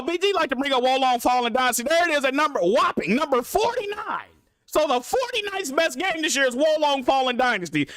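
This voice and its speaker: A young man streaming live about games, ranting in an exasperated, profane way with big swings between loud outbursts and mutters. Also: very high-pitched, dry recording. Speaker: gaming streamer.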